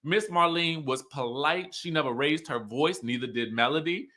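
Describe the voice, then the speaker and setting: A man hosting a casual recap, chatting in an animated way and laughing often. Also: a little high, moderate pace. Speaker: YouTube recap host. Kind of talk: casual reality TV recap commentary.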